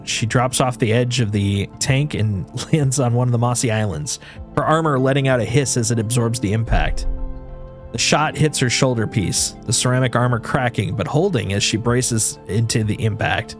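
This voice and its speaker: A man reads a video game's story aloud in second person, in an even, mid-pitched voice that often stumbles and restarts mid-phrase. Faint game music plays behind him. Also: moderate pace. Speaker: streamer.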